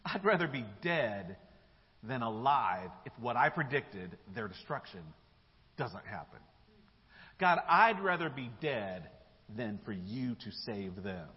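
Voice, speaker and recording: A man's voice: mid-range voice, lively intonation, takes it slowly, voice pushed down. A man acting out a sulking, angry male prophet who complains petulantly to God, in a dull recording with a long hall echo. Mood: despairing. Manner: whiny, petulant outbursts.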